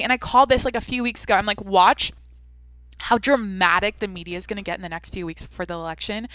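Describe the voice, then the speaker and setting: A woman's voice: mid-range voice, sharp tone, no room sound. A young woman hosting her own podcast, rambling and venting in a casual, swearing, filler-heavy way. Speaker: podcast host. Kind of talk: casual solo podcast rant.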